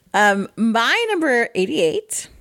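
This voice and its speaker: A woman co-hosting a casual board game podcast, chatty and quick to laugh. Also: a little high, a bit bright. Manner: chatty, laughs easily, acts out voices in asides. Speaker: podcast co-host.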